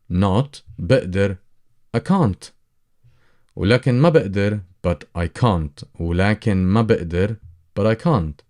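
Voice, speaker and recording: Deep-voiced Levantine-accented man teaching. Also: darkish tone. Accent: Levantine Arabic. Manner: explains slowly, repeating each phrase. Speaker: language teacher. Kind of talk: language lesson narration.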